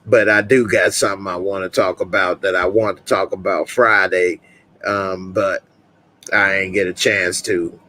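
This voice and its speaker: A man's voice: deep voice, steady tone, moderate pace, pushed and bright. A man hosting a casual live stream, laid-back and slangy, reading viewer comments aloud. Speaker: host.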